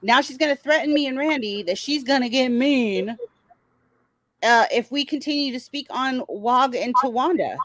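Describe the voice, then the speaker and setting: A woman's voice: high voice, moderate pace, fairly bright tone, poor audio. A woman hosting a casual commentary show, talking in a blunt, sarcastic way and swearing freely. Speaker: commentary channel host.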